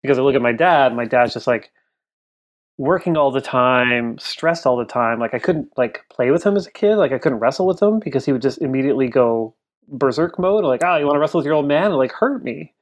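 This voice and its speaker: A man's voice: mid-range voice, expressive, brisk, lo-fi sound. A man in his thirties shares a family memory on a podcast. He rambles and leans on "like" constantly. His telling turns emotional. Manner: rambling, heavy use of "like", emotional. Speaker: podcast co-host. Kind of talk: casual storytelling chat.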